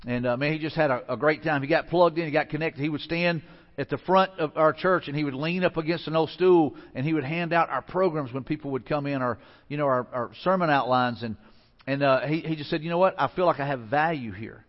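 A man's voice: fairly high pitch, a little fast, long reverb tail, lo-fi sound. A man pastor delivering a conversational sermon, telling stories with frequent restarts. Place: church sanctuary.

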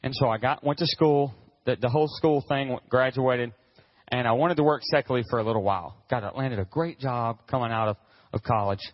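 Male pastor, sermon storyteller, animated, slightly husky, dull lo-fi sound. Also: medium pitch, fairly quick, dry recording. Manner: animated, acts out quotes, whoops with excitement.

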